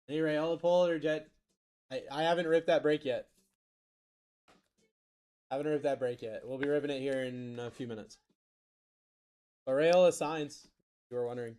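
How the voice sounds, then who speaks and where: A man hosting a live card-break stream, with a voice sitting a little high for a man. He rattles off player names as he opens packs and answers viewers in casual chatter. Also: fairly even intonation, moderate pace, long pauses, a little mellow. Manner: rattles off player names, reads chat aloud.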